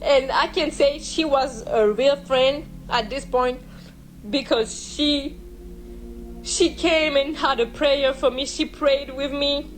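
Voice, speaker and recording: Young woman, emotional and halting. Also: high-pitched, fairly even intonation, low-quality recording. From France. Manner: emotional, halting storytelling with frequent restarts. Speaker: vlogger. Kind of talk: personal storytime vlog.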